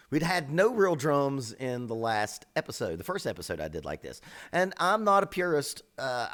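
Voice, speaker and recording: Blunt, opinionated drum teacher, a man. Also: medium pitch. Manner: blunt, opinionated, swears freely, lively emphasis. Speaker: drum teacher reacting to songs. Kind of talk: casual reaction commentary.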